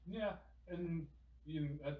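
A man's voice: on the high side, unhurried, narrow, tinny audio. A man co-hosting a podcast in casual chat, rambling with many fillers. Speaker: podcast co-host. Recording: roomy, far from the mic.

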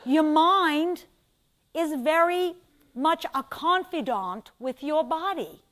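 An older woman with a New York accent teaches a class in a high voice, slipping in quick, chatty asides and repeatedly asking her students questions. The sound is a bit bright, with some chatter in the background.

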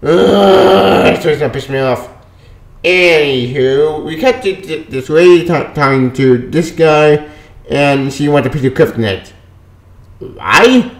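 A man casually reviewing a comic book, dismissive and quick to brush off plot points he doesn't care about. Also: fairly high pitch, roomy sound.

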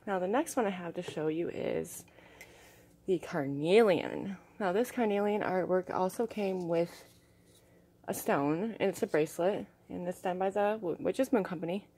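Young woman, vlogger, excited, gushing, slightly out of breath, lowish voice. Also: normal speed, slightly rough. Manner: excited, gushing, soft-spoken asides. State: a little out of breath. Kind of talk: casual unboxing chat.

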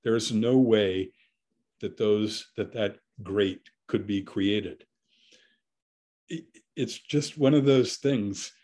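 Middle-aged male curator with a lowish voice, lecturing on art in a thoughtful, halting way. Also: dark tone. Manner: thoughtful, with frequent pauses and fillers. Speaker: curator giving a gallery lecture.

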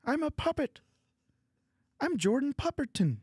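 A man putting on an impression of a lecturing Canadian male pundit with a high, nasal, Kermit-like whine. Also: very animated, measured pace, darkish tone, no room sound, clean studio sound, full character voice. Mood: preachy. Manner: lecturing, preachy and indignant.

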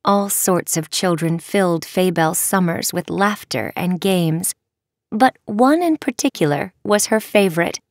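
A woman narrating a children's audiobook with expressive, measured storytelling. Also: lowish voice, dry recording, clean studio sound. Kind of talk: scripted narration.

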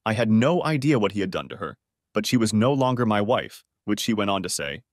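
Lively male story narrator, dry sound. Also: on the low side, quick pace, dry recording. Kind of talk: first-person scripted story narration.

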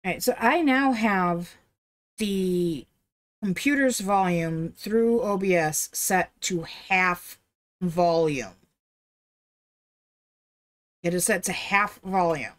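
A woman's voice: lowish voice, slow pace, long pauses. A woman live-streaming a game, chatting in a rambling, blunt way and swearing offhand. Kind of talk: casual live-stream chat.

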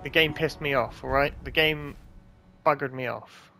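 A man's voice: mid-range voice, steady tone, normal speed, vocal fry, sharp tone, soft background music. A man hosting a gaming channel, swearing a lot and ranting angrily as he plays. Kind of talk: gameplay commentary.

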